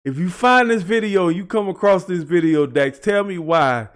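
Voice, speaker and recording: A man's voice: sits high, moderate pace, clear, resonant tone. A man hosting a music reaction video, chatting casually, breaking down lyrics and laughing often.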